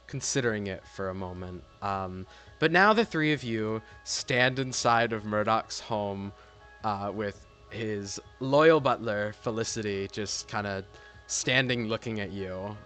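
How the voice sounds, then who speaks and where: A man's voice: lowish voice, unhurried, bright, forceful tone, soft background music. A man narrating a tabletop game as game master in a casual, rambling way.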